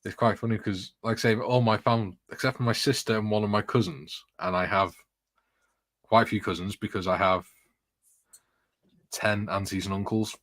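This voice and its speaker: Bloke with a lowish voice rambling through stories, dry close sound. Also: male voice, steady tone, moderate pace, a bit bright, dry recording. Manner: chatty, rambling anecdotes with frequent laughs. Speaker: host reading viewer comments. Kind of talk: casual chat.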